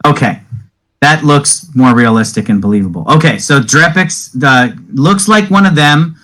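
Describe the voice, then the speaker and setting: A man's voice: medium pitch, expressive, a bit bright, low-quality recording. A man acting as game master in a tabletop game, chatting and explaining the rules at length. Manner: chatty, explains rules at length, quick questions when puzzled. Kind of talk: running a tabletop game, casual chat.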